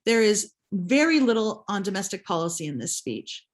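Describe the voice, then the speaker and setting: A woman's voice: medium pitch, sing-song, normal speed. A woman history professor giving a recorded lecture, emphatic, often ending points with a rhetorical "right?". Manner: emphatic, asks rhetorical questions with a tagged "right?".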